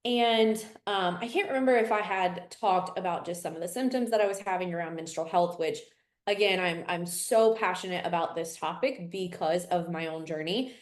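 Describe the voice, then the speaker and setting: Young woman guest, earnest, a bit low-pitched; echoey room. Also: moderate pace. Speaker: assistant coach, podcast guest. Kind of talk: casual podcast chat. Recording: roomy echo.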